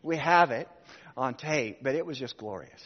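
A man's voice: medium pitch, expressive, moderate pace. A man in his sixties, a pastor preaching a sermon, telling a family story and putting rhetorical questions to the congregation. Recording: dull sound with long hall reverb.

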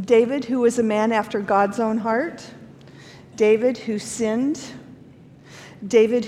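A woman with a slightly high voice teaches a Bible lesson in an earnest way and asks her listeners questions. The room has a long reverb, and a faint low rumble sits underneath. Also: darkish tone.

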